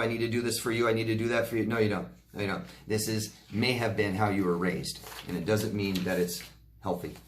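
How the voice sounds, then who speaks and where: A man's voice: fairly low pitch, a little hiss or hum. A man answering viewer questions as a recovery coach, talking directly and reassuringly and often checking in with "okay?". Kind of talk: casual Q&A advice talk.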